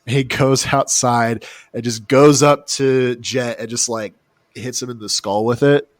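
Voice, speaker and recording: A man's voice: medium pitch, steady tone, unhurried, no room sound, clean studio sound. A man from the United States telling a true crime story in casual, joking podcast chat. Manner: joking, rambling, mocking asides. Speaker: podcast co-host.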